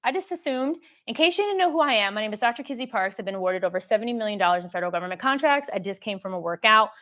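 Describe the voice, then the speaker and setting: A woman hosting a casual live-stream Q&A, telling stories in a lively way and acting out the people in them. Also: mid-range voice, rapid-fire, few pauses. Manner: animated storytelling, acts out quoted dialogue; reads viewer questions aloud. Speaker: government contracting coach.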